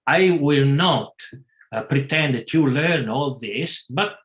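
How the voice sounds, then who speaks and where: A man leads a scripture class at a very unhurried pace. He gropes for words, stops often and corrects himself as he goes. His voice sits at an ordinary middle pitch. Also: animated, fairly bright tone. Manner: halting, many pauses and self-corrections. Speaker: class speaker.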